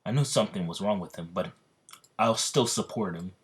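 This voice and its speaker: A man's voice: fairly low pitch, a little fast, natural voice. A man doing a hedging loyal comrade. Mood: uncertain. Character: loyal young male comrade, doubtful.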